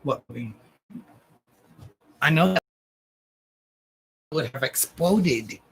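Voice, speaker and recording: A man's voice: a little high, animated, drawn-out words, gravelly, a bit bright, poor audio. A man hosting a live psychic reading stream, chatting in a rambling, casual way, swearing now and then and talking to his pets.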